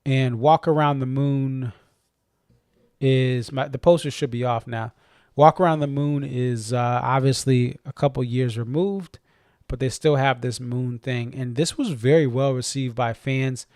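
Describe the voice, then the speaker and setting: A man's voice: mid-range voice, fairly even intonation, a little slow, darkish tone, dry recording, studio quality. A man with a faint Boston accent, rambling and correcting himself as he hosts a casual live-stream chat. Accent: slight Boston. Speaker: stream host.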